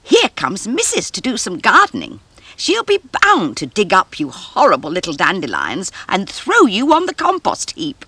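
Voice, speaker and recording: A woman voicing a chorus of proud, haughty female lilies, speaking in a shrill, snooty and scornful way. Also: huge pitch swings, normal speed, bright, forceful tone, slightly rough, no room sound, full character voice.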